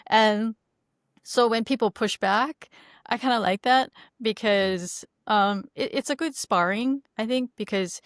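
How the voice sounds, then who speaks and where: A woman's voice: fairly high pitch, no echo, clean studio sound. A woman guest on a podcast, talking enthusiastically and laughing as she discusses a show. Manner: enthusiastic, laughs often, halting restarts.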